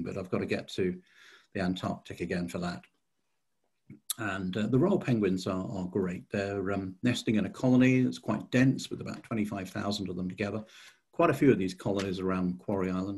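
A man's voice: on the low side, darkish tone, husky. A man giving an illustrated slide talk as a society chairman, hesitant with many fillers and restarts.

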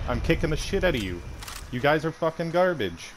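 A man's voice: medium pitch, sing-song, brisk, background noise. A young Canadian man trash-talking another player during an online game, mocking and swearing. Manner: taunting, profane, mocking. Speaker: gamer streamer.

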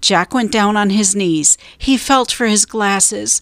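Slow, deliberate woman reading a storybook. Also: mid-range voice, fairly bright tone, no room sound. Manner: slow, clear, deliberate read-aloud. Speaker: children's storyteller. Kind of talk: reading a children's book aloud.

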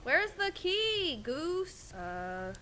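Girl streamer playing a horror game, talks to chat, super high voice, goes all over the place, giggly and excitable. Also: drawn-out words. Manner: excitable, giggly, chats to viewers. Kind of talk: casual gameplay commentary.

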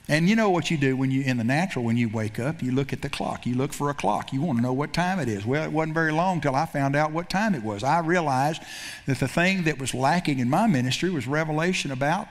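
A man preaching a sermon as pastor, telling a story with frequent repetitions and self-corrections. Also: fairly high pitch.

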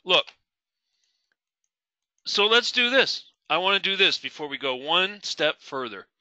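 A man's voice: high voice, very animated, unhurried, pushed and bright, dry recording. A middle-aged man teaching a live trading webinar, asking the audience questions and repeating key words for emphasis. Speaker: trading instructor.

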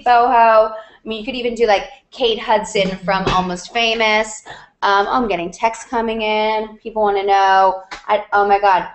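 A woman hosting a DIY show over a video call, answering viewer questions in a chatty, upbeat way with lots of asides. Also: mid-range voice. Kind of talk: casual chat. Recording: roomy echo on a video call.

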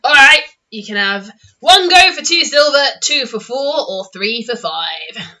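A woman voicing a male fairground ride operator who rattles off his prices in a quick sales patter. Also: on the high side, expressive, sharp tone. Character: fairground ride operator, a man hawking catapult rides.

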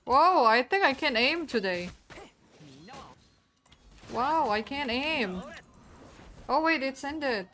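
A woman's voice: sits high, animated, slow, pauses often, sharp tone. A young woman streaming a video game, chatting casually with her viewers, playful and giggling at her own wordplay. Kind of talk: casual live-stream chat while gaming.

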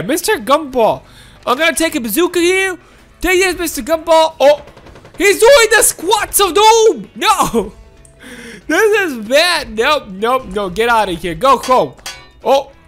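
A woman host giving excitable, exclamatory playthrough commentary on a video game, often giggling. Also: high voice. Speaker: gaming channel host.

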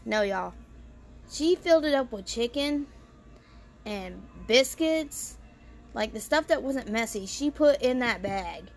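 A woman's voice: fairly high pitch, animated, takes it slowly, faint music behind. A woman vlogger telling a family story in casual style, bluntly and with free swearing. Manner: blunt, swears freely, lots of "you know" fillers.

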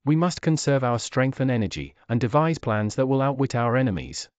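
A gruff orc chief, read by a male narrator, speaks with a gravelly, booming voice. He is blunt and forceful. The recording is dry and close. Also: animated, brisk, no room sound, lightly acted.

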